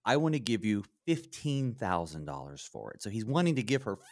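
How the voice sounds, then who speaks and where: A man hosting a radio Bible study, reading scripture and chatting over it in a low voice. He tells stories expressively, his pitch ranging widely, and laughs freely. The studio recording is dry and close. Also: brisk, dry recording. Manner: expressive storyteller, laughs often. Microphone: studio mic.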